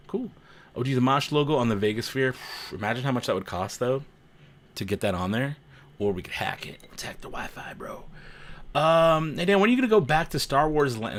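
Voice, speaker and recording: A young man chatting casually on a livestream, reading messages and joking back with a playful, teasing edge. His pitch moves around a lot and stays lively, and he laughs often between lines. He talks into a desk microphone. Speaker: livestream host reading chat.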